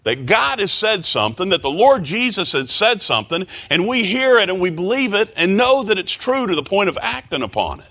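A man leading a prayer and then preaching a sermon, rising to loud, high emphasis and reading scripture in old-fashioned wording. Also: very animated, fairly quick, hardly any pauses.

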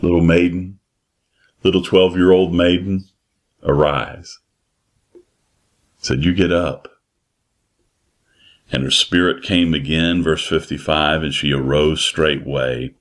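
A man preaching a sermon in a slow, emphatic way, repeating his phrases. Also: extremely low pitch.

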